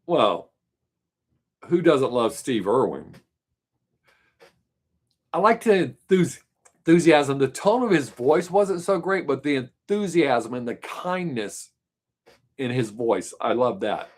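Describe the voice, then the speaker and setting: Guy chatting on his live stream, rambly, thinking out loud, kinda trails off. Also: medium pitch, lively intonation, slow pace, pauses often. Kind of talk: casual chat answering viewer questions.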